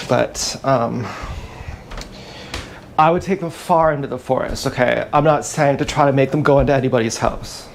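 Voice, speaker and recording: A man telling a meandering, profane story in a halting, casual livestream monologue, recorded on an action camera mic. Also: mid-range voice, vocal fry, a little hiss or hum.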